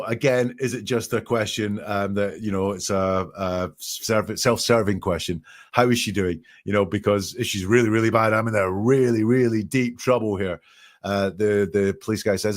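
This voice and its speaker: A man talks through a recorded call on a live podcast, reading out quotes and then picking them apart. His delivery is conversational and easygoing, with the odd filler as he thinks aloud. His pitch sits right in the middle for a man. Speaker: podcast host analysing a 911 call.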